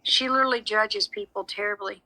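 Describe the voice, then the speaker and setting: A woman's voice: mid-range voice, steady tone, fairly quick, bright, forceful tone, poor audio. Woman, psychic medium, live chatty reading, frank, apologetic, brilliant tone. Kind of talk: live social media reading.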